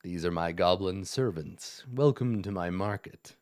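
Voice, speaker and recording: A vain, gangly king of goblins with a resonant baritone voice pitched low and a lazy, smug drawl, as a man plays him at the table. The sound is dry and close. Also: measured pace, a little mellow, dry recording.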